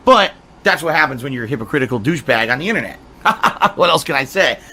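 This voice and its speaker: A man ranting angrily on a game stream, swearing and shouting at his viewers. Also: medium pitch, expressive, quick pace, slightly rough. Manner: profane, combative, shouting outbursts. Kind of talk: angry stream rant.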